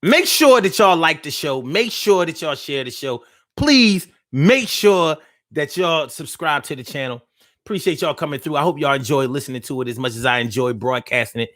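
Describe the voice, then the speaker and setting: A man's voice: fairly high pitch, lively intonation, normal speed, fairly bright tone, no echo, clean studio sound. A man hosting a live show, ranting casually in loose slang with lots of profanity and teasing his listeners directly. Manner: teasing, talks straight to listeners. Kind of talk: casual live-stream talk.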